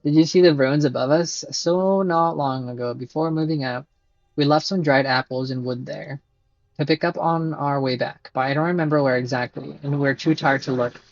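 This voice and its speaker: A man's voice: on the high side, fairly even intonation, normal speed, no echo, highs cut off, close to an everyday voice. A man reading lines for a tired male settler who asks for supplies, in his own plain voice. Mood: coaxing.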